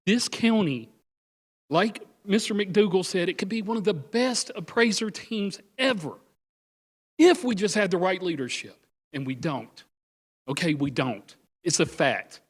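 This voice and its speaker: A man with a drawl speaks at a committee podium in a county meeting room. His voice sits a little high, and it turns emotional and pleading. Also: lively intonation, measured pace, long reverb tail. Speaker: residential appraiser speaking at public comment. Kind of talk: public comment at a committee meeting.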